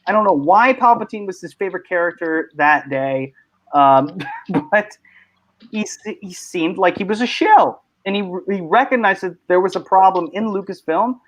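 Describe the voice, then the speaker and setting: A man's voice: high voice, animated, normal speed, a bit bright. A man hosting a casual panel chat, talking in rambling bursts with many restarts and laughs. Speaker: host.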